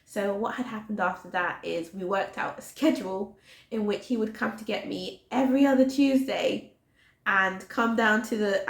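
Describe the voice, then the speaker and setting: A woman in her twenties telling a personal story in a chatty, animated way, full of "like". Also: medium pitch. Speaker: vlogger. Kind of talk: storytime vlog. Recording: roomy echo.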